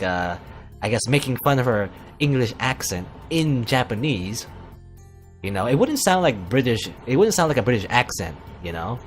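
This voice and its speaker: A man hosting a let's play, reading a visual novel aloud and rambling through his thoughts with many fillers and asides. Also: medium pitch. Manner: puts on a mock posh British voice for quips.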